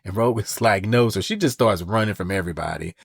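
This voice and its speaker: A man's voice: deep voice, quick pace, creaky, very noisy. A man hosting a podcast, telling a comic book story in a casual way and briefly voicing the characters' lines. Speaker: podcast host.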